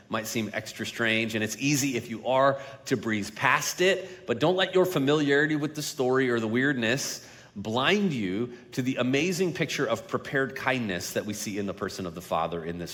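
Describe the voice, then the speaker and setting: A male pastor preaching a sermon, slowing down and dropping to a hush for emphasis, then building up louder on key points. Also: mid-range voice. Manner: dynamic delivery, slowing and dropping quiet for emphasis. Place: large church sanctuary. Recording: long reverb of a large hall.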